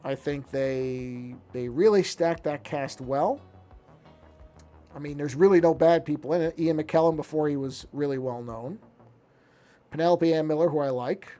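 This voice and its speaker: A man's voice: fairly high pitch, moderate pace, dark tone, soft background music. A man streaming while he draws, chatting casually, musing aloud and often restarting his sentences. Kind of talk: casual talk while drawing.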